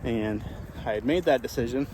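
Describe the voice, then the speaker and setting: A man's voice: medium pitch, moderate pace, darkish tone, slight background noise. A man who runs a small farm and hosts his own channel. He talks casually, thinking aloud with many restarts, while walking outdoors across his pasture. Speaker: small farmer and channel host.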